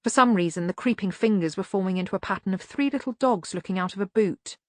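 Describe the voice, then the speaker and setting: A woman reading an audiobook in measured, even narration. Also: medium pitch, no room sound.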